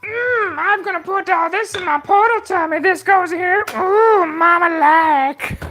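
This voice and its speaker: A man voicing a squeaky, greedy character who stuffs things into a portal tummy, in a very high falsetto. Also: measured pace, pushed and bright, soft background music, exaggerated voice. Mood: greedy delight. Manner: delighted, gobbling.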